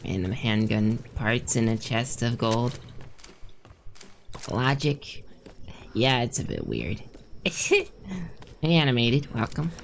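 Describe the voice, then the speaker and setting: A woman's voice: a bass voice, sing-song, slow pace, long pauses, slight background noise. A woman streamer chatting casually while playing a game, thinking aloud and answering her chat. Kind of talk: casual gameplay commentary.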